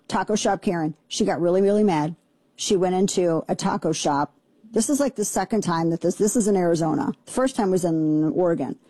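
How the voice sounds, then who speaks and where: A middle-aged woman hosts a talk radio show in a fast, sarcastic, indignant rant. Her voice sits low and sounds mellow and dark. The studio sound is close and dry. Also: slightly rough, no room sound. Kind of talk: opinionated talk radio monologue. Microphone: studio microphone.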